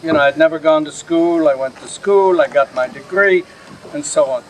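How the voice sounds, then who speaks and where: An older man speaking to a live audience, earnest and direct, often turning to them with asides. His voice sits fairly high for a man, and a faint hiss runs under the recording. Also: moderate pace, poor audio. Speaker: Holocaust survivor speaker. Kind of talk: lecture with audience questions. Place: outdoor camp gathering.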